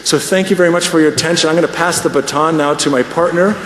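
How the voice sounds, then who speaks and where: Man presenting at a conference plenary, slightly high voice, long hall reverb. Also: fast. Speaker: conference speaker. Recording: echoey hall with faint noise.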